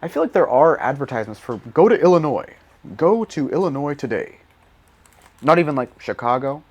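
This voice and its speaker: The recording is muffled, and this young gaming YouTuber's voice is a little high, sing-song, slightly mellow and a little fast. He rambles through a driving game, cursing a lot, self-deprecating and laughing at his own humor.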